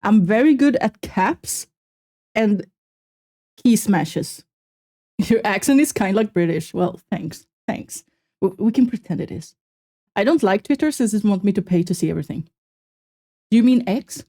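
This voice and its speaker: A woman streamer chatting casually with her viewers while reacting to a video, animated and self-mocking, with a slight Swedish accent. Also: medium pitch, moderate pace, pauses often. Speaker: VTuber streamer.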